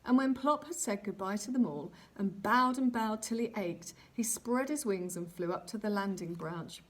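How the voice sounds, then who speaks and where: A woman reading a children's story aloud, narrating gently and expressively. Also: medium pitch, normal speed.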